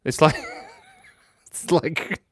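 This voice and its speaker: A man hosts a live drawing stream, chatting casually with viewers, reading their comments, and laughing often as he makes playful, self-mocking jokes. He draws out his words, and the recording is dry and studio quality.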